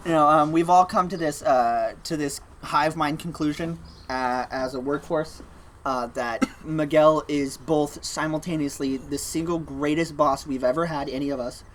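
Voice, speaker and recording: A man's voice: fairly high pitch, normal speed, a little hiss or hum. A young man co-hosting a casual podcast, telling a work story with lots of acted-out quotes and laughter. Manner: animated storyteller, acts out quotes, laughs often. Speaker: podcast co-host.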